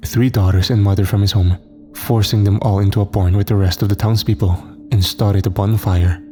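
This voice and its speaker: A man narrating a scripted horror story in a steady, somber way. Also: lowish voice.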